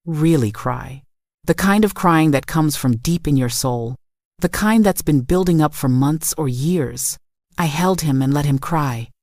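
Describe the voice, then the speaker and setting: A woman telling a first-person family story in steady, reflective scripted narration. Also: low voice, a little slow, no room sound, studio quality.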